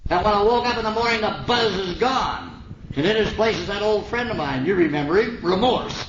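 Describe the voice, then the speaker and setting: A man's voice: sits high, expressive, fairly quick. Man sharing his story on old tape. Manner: folksy, earnest storytelling with slang. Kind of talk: recovery meeting talk. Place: meeting hall. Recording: old 1950s tape, roomy and muffled with hiss.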